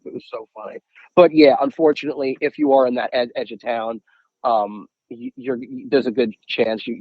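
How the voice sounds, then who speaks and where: Animated young man telling fishing stories. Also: medium pitch, slightly rough, dry recording, dull audio. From United States. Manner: animated, acts out quotes, many repeated "I'm like". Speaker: podcast guest, angler. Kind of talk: casual storytelling.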